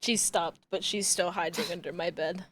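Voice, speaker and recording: A woman's voice: on the low side, fairly even intonation, moderate pace, fairly bright tone. A woman streaming a game, chatting casually, laughing often and talking to her cat. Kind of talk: casual gameplay chat.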